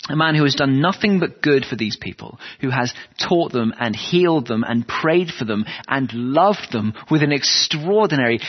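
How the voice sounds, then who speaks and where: A man's voice: medium pitch, slightly rough. A man preaching a sermon, earnest and asking his listeners rhetorical questions. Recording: dull lo-fi sound with long hall reverb.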